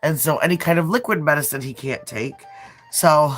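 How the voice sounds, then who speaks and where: A woman's voice: low voice, moderate pace. A woman in her thirties with a Midwestern accent, stuffed up from a sinus cold, chatting casually and rambling on her livestream with self-deprecating asides. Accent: Midwestern American. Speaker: nail art livestreamer.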